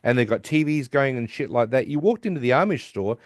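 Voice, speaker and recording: A man's voice: medium pitch, expressive, fairly quick, no echo, studio quality. An Australian man hosting a podcast, recapping a TV episode in a loose, rambling chat and swearing casually. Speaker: podcast host.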